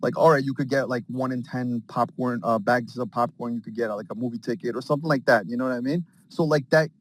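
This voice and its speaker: A man in casual group chat on an audio call, rambling excitedly with lots of slang and acting out scenes. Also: medium pitch, quick pace. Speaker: space call participant.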